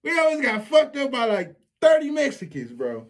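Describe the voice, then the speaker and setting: A man with a Flint, Michigan accent telling a street story in a casual, animated and profane vlog monologue. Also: very high-pitched, moderate pace. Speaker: storyteller vlogger.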